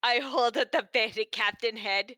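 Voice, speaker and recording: A woman's voice: fairly high pitch, moderate pace, sharp tone, a little hiss or hum. A woman playing a tabletop game, talking casually and matter-of-factly. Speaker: player. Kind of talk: casual chat.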